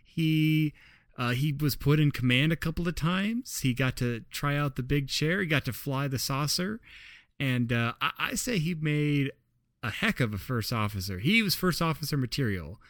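A man's voice: on the high side, animated, normal speed, a bit bright, no room sound, clean studio sound. A man hosting a casual podcast chat, steering the topics and adding teasing humor. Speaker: podcast host and moderator.

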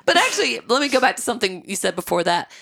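A woman's voice: on the high side, big pitch swings, racing, vocal fry, fairly bright tone. A woman podcast host and real estate agent, chatting casually and laughing often.

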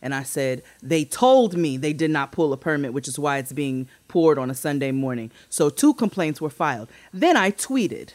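Animated storytelling woman, dry close mic. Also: normal speed, hardly any pauses, no echo. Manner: animated, swearing, acts out quotes with big pitch jumps. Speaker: podcast co-host. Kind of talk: casual storytelling chat.

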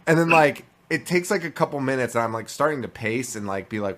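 A young man hosting a podcast, telling a story in an animated, profane way during casual chat. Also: mid-range voice, quick pace. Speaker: podcast host.

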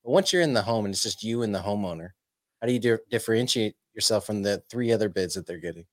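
A male podcast host with a fairly low voice asks questions and praises his guest with open enthusiasm. The sound is close and dry, with no room in it. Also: quick pace, dry recording. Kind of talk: interview conversation.

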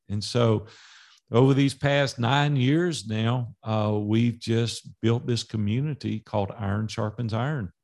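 A man who is a business coach, a podcast guest telling animated stories and acting out past conversations in dialogue. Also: lowish voice, vocal fry. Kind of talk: storytelling in a podcast interview.

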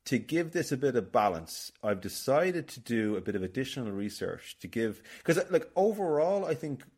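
A man's voice: medium pitch, very animated, moderate pace, a little mellow, breathy edge. An Irish man hosting a casual film podcast, rambling and telling stories with lots of restarts. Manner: chatty, rambling, storytelling with many restarts. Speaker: podcast host.

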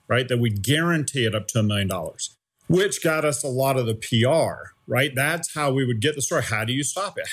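With a mid-range voice, a middle-aged man who formerly led a startup tells an animated story in a conversational interview. He habitually checks in with his listener by saying "right?".

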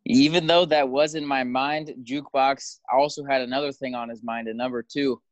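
A man's voice: mid-range voice, steady tone, moderate pace, no echo. A man guesting on a podcast, chatting casually with wry, self-deprecating humor. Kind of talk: casual chat. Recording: dull, dry lo-fi sound.

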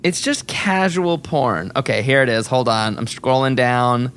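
Animated gossiping male podcast co-host. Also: medium pitch, measured pace, a little hiss or hum. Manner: animated, gossipy, laughs often. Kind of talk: casual chat.

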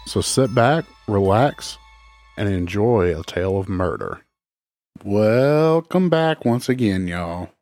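A man's voice: on the low side, animated, slow pace, darkish tone, faint music behind. A man co-hosting a podcast in casual chat, with dry teasing humor. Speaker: podcast co-host.

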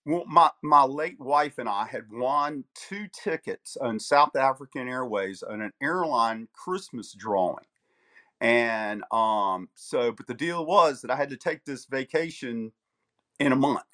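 A man in his sixties, a podcast guest, telling his story in a polite, measured way. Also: mid-range voice, lively intonation, sharp tone. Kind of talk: casual podcast interview.

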